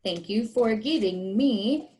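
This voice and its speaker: A woman's voice: a little high, slow pace, dark tone, slight background noise. A woman teacher demonstrating a picture-card lesson for young students, talking in a sing-song way and making animal sounds.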